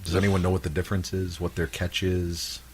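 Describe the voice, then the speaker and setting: A man's voice: low-pitched, little pitch movement, brisk, darkish tone, slight background noise. A man hosting a podcast, joking and narrating comic bits in casual chat. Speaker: podcast host.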